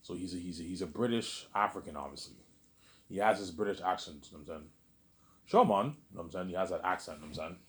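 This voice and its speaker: A man's voice: sits low, racing, a bit bright. A man vlogging a late-night monologue, meandering and repeating himself, restarting sentences and saying "obviously" again and again.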